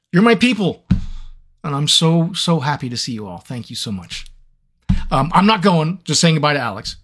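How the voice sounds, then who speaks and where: A man's voice: on the high side, fairly bright tone. A man, a voice actor, chatting casually with fans on a live Q&A, rambling and joking about his own scattered mind. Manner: rambling, scattered and self-mocking. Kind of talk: casual livestream chat. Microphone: seated at a microphone.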